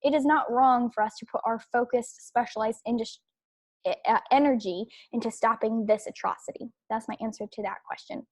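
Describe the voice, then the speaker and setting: A young adult woman delivers an opinion podcast monologue in a slightly high voice. She presses her points with repetition and stumbling restarts. The sound is close and dry, with no room around her. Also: steady tone, a little fast, a little mellow, dry recording. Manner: emphatic, repetitive, with filler restarts. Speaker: podcast host.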